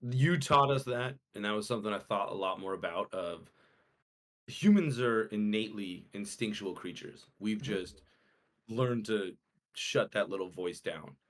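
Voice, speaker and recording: Young man, podcast co-host, low voice, animated storytelling, acts out quotes. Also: normal speed. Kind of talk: casual storytelling chat.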